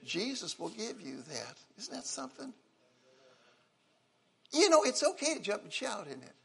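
An older man preaching a sermon, emotional, swinging from loud exclaiming to soft, quiet lines. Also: extremely high pitch, huge pitch swings, normal speed, gravelly, breathy edge. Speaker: pastor.

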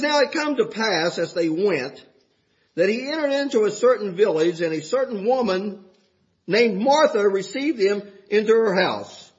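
A man preaching with a strikingly high, bright voice that swings lively up and down. He moves from folksy, chuckling asides into fervent, shouted exhortation. The recording is dull and lo-fi. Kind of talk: sermon. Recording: dull lo-fi sound.

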